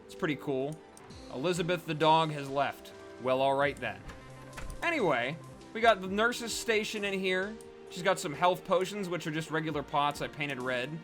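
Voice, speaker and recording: A man rambles through a casual let's play, chatty and full of fillers. His voice sits a little high and sounds bright and sharp. Soft game music plays faintly underneath. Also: normal speed. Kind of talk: casual gameplay commentary.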